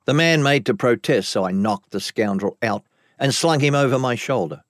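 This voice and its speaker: A man narrating a first-person story with dramatic flair and wide, lively pitch. Recorded dry and close, with no room sound. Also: normal speed, no echo.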